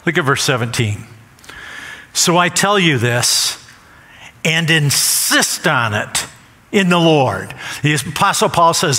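In a church sanctuary, a male pastor preaches emphatically, repeating phrases for stress. His voice is a little high and sharp, and the recording has long church hall reverb.

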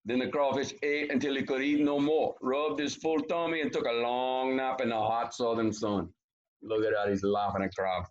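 Man, children's story read-aloud, chatty asides, middle pitch, dull lo-fi sound. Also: fairly even intonation, moderate pace, a little hiss or hum. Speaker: teacher reading a story to children.

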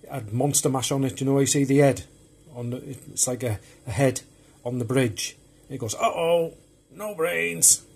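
A man's voice: mid-range voice, steady tone, normal speed, hardly any pauses, dark tone, breathy edge. A man casually showing off his film collection on video, chatty and rambling as he talks. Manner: rambling and chatty, loose and unpolished. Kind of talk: casual show-and-tell of home video collection.

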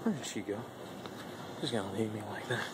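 A man's voice: on the low side, fairly quick. A man vlogging with playful, joking commentary while walking through a big retail store. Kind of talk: goofy vlog banter. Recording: noisy store ambience.

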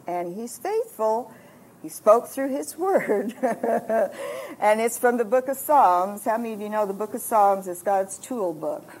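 A woman, probably older, telling a story from the pulpit in a lively sermon, acting out the voices of herself and her husband. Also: mid-range voice. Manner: animated, acts out her own lines and her husband's. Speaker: camp speaker.

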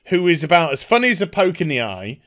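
A man's voice: a little high, big pitch swings, fast talker, a bit bright. A man, a YouTube commentator, giving a sarcastic, exasperated rant with some swearing. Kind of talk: ranting commentary.

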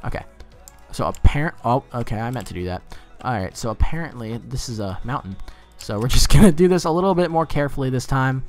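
Guy rambling thru his gameplay, swears a lot, gets flustered easy, middle pitch voice. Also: animated, fast talker, soft background music. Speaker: gameplay commentator. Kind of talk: casual gameplay commentary.

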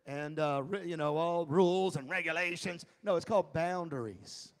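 A man pastor teaching an adult Bible class in a sermon style. He is emphatic, chuckles often, and swings between hushed and near-shouted delivery. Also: on the high side, moderate pace, few pauses, big-room sound. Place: church classroom.

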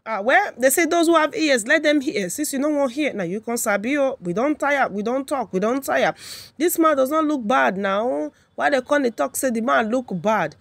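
A Nigerian woman talks through celebrity gossip in an animated, chatty way, slipping between Pidgin and English. Her voice sits high and bright. The sound is dry and close to the mic. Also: normal speed, vocal fry, no echo. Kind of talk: casual commentary.

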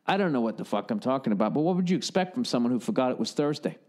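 A man's voice: medium pitch, sing-song, quick pace, pauses often, darkish tone. A man hosting a podcast, delivering a rambling, profane comedic monologue. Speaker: podcast host.

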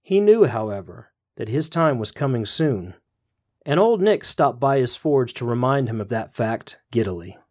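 A man podcast host reading a story aloud in a measured storytelling manner. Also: mid-range voice, sing-song, a little mellow. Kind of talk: scripted story narration.

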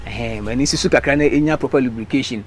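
A man's voice: medium pitch, fast, a little hiss or hum. A man with a Ghanaian accent, explaining car maintenance in a casual, repetitive way, mixing languages. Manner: explanatory, repeats a stock filler phrase. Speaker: mechanic explaining car care.

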